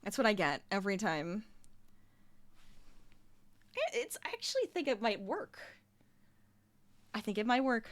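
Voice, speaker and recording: A woman's voice: medium pitch, sing-song, a little slow, pauses often, a bit bright, no echo. A young adult woman streamer chatting casually and laughing often while she crochets at her desk at home. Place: home room.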